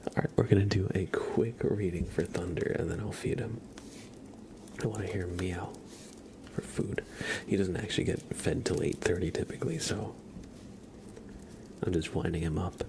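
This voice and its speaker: A man hosting a live ASMR stream from home, speaking softly and playfully into a close mic. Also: low voice, fairly even intonation, normal speed, gravelly, pauses often, background noise. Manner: soft-spoken, chatty, playful. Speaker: ASMR livestream host. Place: at home with his cat.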